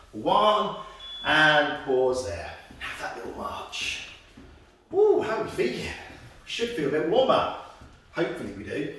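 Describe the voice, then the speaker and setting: A man's voice: fairly high pitch, heavy reverb, recorded from a distance, poor audio. A man leading an exercise class, upbeat and encouraging, counting down reps and cracking self-deprecating jokes. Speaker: fitness instructor. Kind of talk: guided exercise class instruction.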